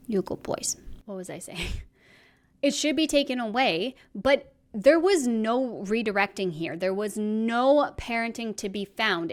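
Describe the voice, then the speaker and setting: A young adult woman hosting a commentary video, her voice sitting a little higher than most. She speaks in a scripted, pointed way and sounds critical of what she describes. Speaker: commentary channel host.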